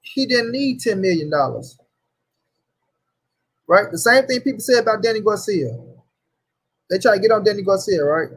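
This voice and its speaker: Husky heated man ranting about boxing. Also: sits high, animated, moderate pace, long pauses, low-quality recording. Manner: heated, profane, repeats points, addresses chat. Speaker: boxing commentary host. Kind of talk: livestream rant reading chat.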